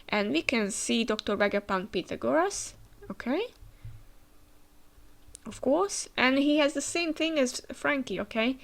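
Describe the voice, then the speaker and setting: A woman hosts a manga reaction, reading the panels aloud and commenting in a chatty way with frequent fillers and restarts. Her high-pitched, creaky voice has lively intonation and an unhurried pace, with long pauses.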